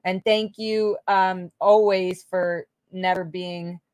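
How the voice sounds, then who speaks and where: Chatty woman on a livestream Q&A, lowish voice, dry close sound, casual and a bit sweary. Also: steady tone, takes it slowly, darkish tone, smooth, no echo. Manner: chatty, reads viewer comments aloud, casual swearing. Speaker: livestream host.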